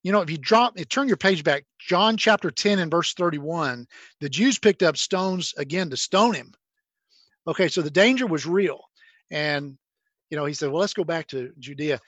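Male pastor, high-pitched, relaxed conversational preaching with frequent restarts, close dry mic. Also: moderate pace, no echo, muffled recording. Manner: conversational, many repeated "and"s and restarts. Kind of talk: sermon with scripture reading.

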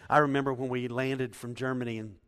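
A man's voice: medium pitch, little pitch movement, fairly quick, a bit bright, long reverb tail. A man in his forties preaching a conversational sermon as pastor, talking easily and personally. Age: 40s. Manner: conversational, laughing asides.

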